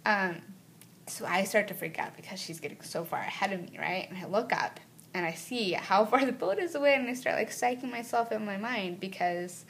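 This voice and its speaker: A woman's voice: medium pitch, brisk, slight background noise. Chatty woman vlogger telling a story. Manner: chatty, animated, full of "like" and "right?". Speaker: travel vlogger. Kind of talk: casual storytelling to camera.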